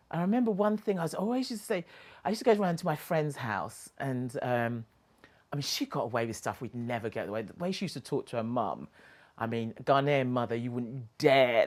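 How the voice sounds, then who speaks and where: A motivational speaker, a woman with a bass voice and a brisk delivery, tells a personal story expressively. She shifts between quiet reflection and animated laughter.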